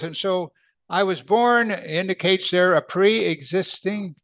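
A man preaching a verse-by-verse Bible lesson, his voice sitting a little high for a man. He reads scripture slowly and deliberately, then unpacks it in plain, emphatic speech. The sound is dry and close, with almost no room echo. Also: fairly bright tone.

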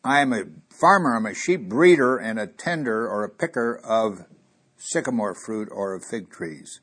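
A man preaching a sermon, telling a Bible story and getting louder when he quotes scripture. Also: on the low side, normal speed, slightly rough. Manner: animated, rising loud on quoted scripture.

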